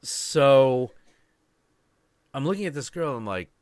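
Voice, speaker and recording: A man's voice: medium pitch, lively intonation, slow pace, a little mellow, no room sound. A man in his late twenties, hosting a podcast, telling a story in casual chat with plenty of swearing and ranting. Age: 20s. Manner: profane, ranting, confrontational. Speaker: podcast host.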